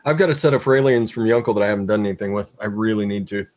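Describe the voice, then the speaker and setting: A man's voice: fairly low pitch, racing, a little mellow, dry recording. A man chatting casually, wry and a bit hesitant with frequent fillers. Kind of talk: casual group chat.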